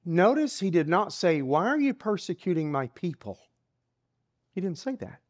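A preacher giving a sermon, retelling a story dramatically and dropping to hushed whispers, often repeating words while building a scene. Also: medium pitch, big pitch swings, moderate pace.

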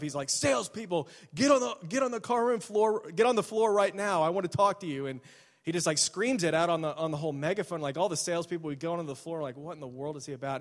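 Male pastor, chatty sermon delivery, slightly high voice, long church reverb. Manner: casual, storytelling, animated with many restarts. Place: church sanctuary.

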